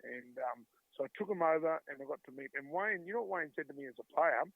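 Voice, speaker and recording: A man's voice: on the high side, animated, quick pace, vocal fry, no room sound. A man in his fifties with an Australian accent, a former player telling chatty anecdotes in an interview, acting out the voices he quotes. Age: 50s. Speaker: guest, former rugby league player. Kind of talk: storytelling interview talk. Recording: dry, tinny phone-like line.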